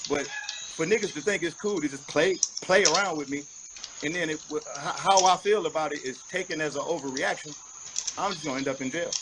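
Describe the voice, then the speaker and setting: A man's voice: on the high side, a little fast, very noisy. A man giving an interview as a rapper, talking bluntly and emphatically, with frequent profanity. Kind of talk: candid interview talk.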